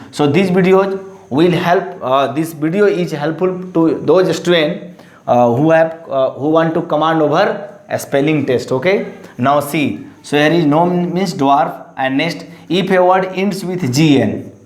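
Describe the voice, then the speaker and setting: A man explaining an English lesson, his voice sitting a little high for a man. He talks in a halting, repetitive way, full of fillers. The room around him rings with echo. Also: darkish tone. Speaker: English teacher.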